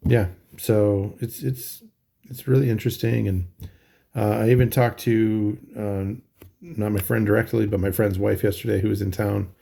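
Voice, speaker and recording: A middle-aged man talking casually in a halting video diary, tired and full of ums and restarts. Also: on the low side, gravelly, mellow. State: tired, yawning. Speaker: vlogger.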